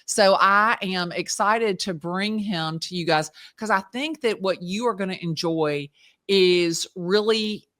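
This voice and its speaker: A woman with a Southern US accent hosts a casual interview, chatty and excitable as she tells a story. Her talk runs lively and animated, with plenty of fillers and restarts. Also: medium pitch, measured pace. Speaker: podcast host.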